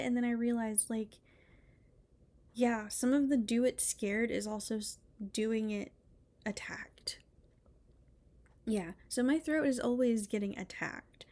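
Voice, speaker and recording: Emphatic, blunt woman giving a spiritual reading. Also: fairly high pitch. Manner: emphatic and blunt, with profanity and repeated phrases; sometimes drops to a hushed whisper. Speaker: spiritual reader. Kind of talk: casual spiritual monologue.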